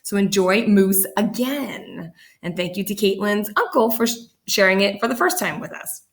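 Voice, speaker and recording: A teacher reading a picture book aloud to her class, with animated, expressive storytelling. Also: mid-range voice, moderate pace.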